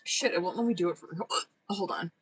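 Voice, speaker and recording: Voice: medium pitch, quick pace, slightly rough, low-quality recording. A tarot reader hosting a livestream in casual, slangy chat, swearing freely and often breaking off to say "hold on.".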